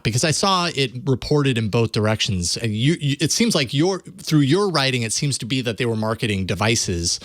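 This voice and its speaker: A man hosting a tech news show, reading a sponsor spot and then interviewing a guest in a relaxed way, with many fillers and restarts. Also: fairly low pitch, dry recording, clean studio sound. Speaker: host. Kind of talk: podcast host reading an ad and interviewing.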